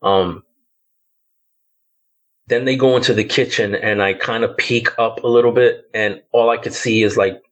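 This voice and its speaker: A man's voice: lowish voice, fairly even intonation, normal speed, long pauses, fairly bright tone, poor audio. A fiftyish man telling a ghost story. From the Bronx, New York. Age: around 50. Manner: loose, hesitant storytelling with many fillers like "like" and "um". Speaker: podcast guest.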